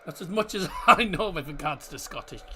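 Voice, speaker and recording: A man's voice: fairly high pitch, animated, a little fast, sharp tone, soft background music. A man hosting a live football watchalong, chatting casually, answering viewers' chat and talking through the match, with the odd swear word.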